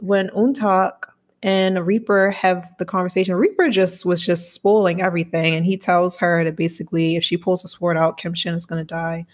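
A woman's voice: lowish voice, steady tone. A woman co-hosting a podcast, chatting in a teasing, casual way. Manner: chatty, teasing, quick to react. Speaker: podcast co-host. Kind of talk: casual chat.

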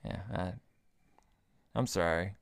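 A man's voice: deep voice, takes it slowly, creaky, clean tone. A young man co-hosting a podcast, ranting about cereal in casual banter with mock-heated energy. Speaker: podcast co-host.

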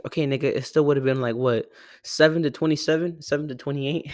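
A man's voice: mid-range voice, steady tone, fast talker, darkish tone, no room sound. Young guy from Arizona, loose and profane, self-correcting sports rant, dead-dry close mic. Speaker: sports podcaster. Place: home room with a cat. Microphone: close desk mic.

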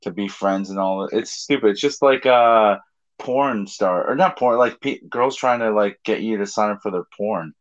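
A man's voice: on the low side, moderate pace. A man co-hosting a podcast in casual chat, rambling and laughing often. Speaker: podcast co-host. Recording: dull lo-fi sound.

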